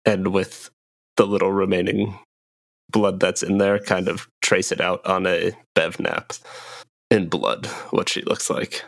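A low, gravelly man voicing his character in a tabletop game, gruff and blunt. Faint music plays behind him. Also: level tone, a little slow. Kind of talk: in-character role-play.

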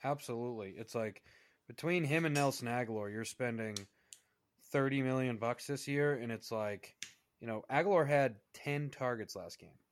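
A man's voice: mid-range voice, normal speed, dry recording. A man co-hosting a sports podcast, talking in a frustrated, conversational way with many fillers. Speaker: podcast co-host. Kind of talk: casual sports chat.

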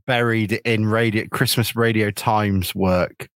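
Chatty English man, low voice, dry sound. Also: steady tone, a little slow, a bit bright, no room sound. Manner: chatty, many ums and restarts, laughs often. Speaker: podcast host. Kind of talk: casual football podcast chat.

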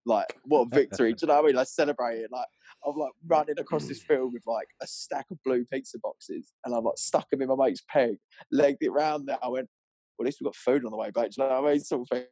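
A young man, an angler, telling a story in an animated, rambling way full of fillers, on a clip-on mic. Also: medium pitch, quick pace, husky, no echo. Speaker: angler guest. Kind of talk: excited storytelling.

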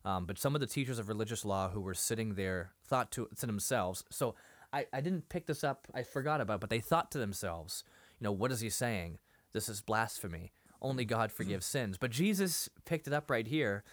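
Guy cohosting a podcast, acting out scenes all animated, laughs a lot, dry mic. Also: on the low side, brisk, dry recording. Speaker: podcast co-host. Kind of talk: casual discussion of a TV episode.

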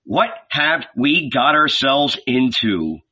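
A man's voice: mid-range voice, expressive, takes it slowly, bright, forceful tone, distant mic, heavily acted. A man voicing a tipsy, grumbling fisherman. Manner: grumbling, hearty banter. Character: jovial, easygoing male fisherman disciple, tipsy. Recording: dull lo-fi recording.

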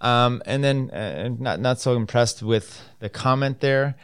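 A man's voice: mid-range voice, measured pace, fairly bright tone, clean tone, no echo, studio quality. A man hosting a casual solo podcast, reading news items aloud and adding loose, rambling asides with many fillers. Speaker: podcast host.

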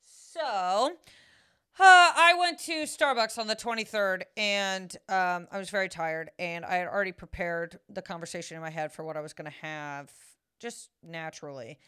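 A woman co-hosting a casual podcast chat, talking bluntly with plenty of swearing and telling stories in an animated way. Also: fairly low pitch, normal speed, clear, resonant tone. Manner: blunt, profane, defensive, animated storyteller. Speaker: podcast co-host.

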